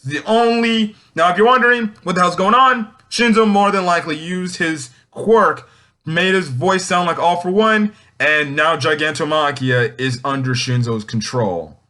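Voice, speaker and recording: A man's voice: high-pitched, normal speed, bright, forceful tone. A young man casually reviewing a manga chapter, with many fillers and restarts.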